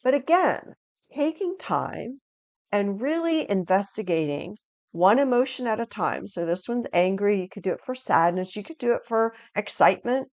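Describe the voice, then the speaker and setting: Energetic woman teaching a video lesson. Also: mid-range voice, moderate pace, no echo, muffled recording. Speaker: resilience educator.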